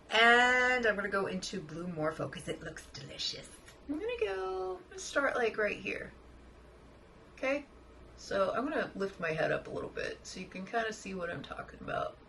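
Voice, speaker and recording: A woman chatting excitedly through a makeup tutorial, often dropping to a soft murmur as she works. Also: mid-range voice, slight background noise, low-quality recording. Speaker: makeup vlogger. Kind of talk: casual makeup tutorial chat.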